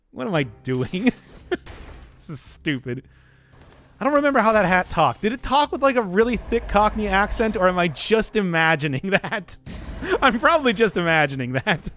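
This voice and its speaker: A man's voice: sits high, very animated, moderate pace, fairly bright tone, faint music behind. A man streaming a game, rambling in casual commentary and laughing at his own jokes.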